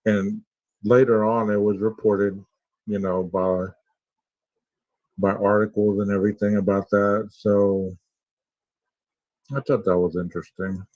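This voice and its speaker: A man musing on a podcast, posing rhetorical questions in a low, flat, even voice. The sound is dry and a little dull, without much treble. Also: unhurried, long pauses, no echo. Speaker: podcast co-host. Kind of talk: casual commentary.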